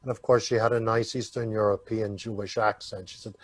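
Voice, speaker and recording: A man from the United States, a guest on an interview podcast, telling stories at an easy pace with many small pauses. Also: lowish voice, level tone, dry recording. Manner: unhurried, full of "uh" pauses. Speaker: guest, Yiddish actor. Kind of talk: relaxed storytelling in an interview.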